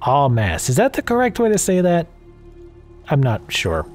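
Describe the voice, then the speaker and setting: A man's voice: high-pitched, wildly swooping pitch, normal speed, a little mellow, soft background music. A man from the American South with a Southern accent, giving casual, profane, sarcastic commentary on a game. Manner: sarcastic, profane, rambling asides. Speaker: gameplay commentator. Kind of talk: casual let's play commentary. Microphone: desk mic at home.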